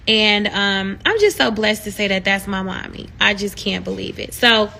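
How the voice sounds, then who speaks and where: A woman talking casually on a live stream, encouraging her viewers in an animated, preachy way that swells into excited shouts. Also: medium pitch.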